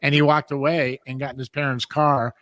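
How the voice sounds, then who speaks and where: A man's voice: mid-range voice, flat delivery, brisk, a bit bright. A man hosting a podcast, telling long rambling stories in casual chat and laughing often. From US West Coast. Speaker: podcast host.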